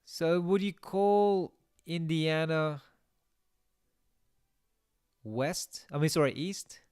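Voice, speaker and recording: A young man chats loosely through a live stream, answering viewer comments and thinking out loud. His voice sits a little high and comes through smooth and clear. The sound is dry and close, with no room echo. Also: very slow. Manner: chatty, reads viewer comments aloud, muses to himself. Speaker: game streamer. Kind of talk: casual live-stream chat.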